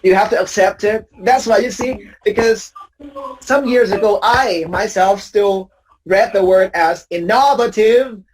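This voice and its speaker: A woman's voice: mid-range voice, a little slow, a little hiss or hum, poor audio. A woman teaching English pronunciation in a class drill, patiently correcting students and repeating each word as a model.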